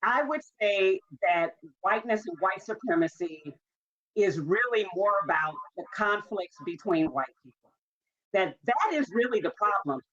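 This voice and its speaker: A woman's voice: medium pitch, animated, a little slow, a bit bright, muffled recording. A woman author interviewed as a guest, speaking emphatically and repeating her points insistently.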